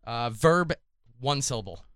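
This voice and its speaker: A man chats as a guest musician, relaxed and quick to laugh. His voice is bright and forward, with a crisp, smooth tone. The recording is dry, with no room echo. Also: mid-range voice. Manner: laid-back, giggly. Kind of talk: casual comedic banter.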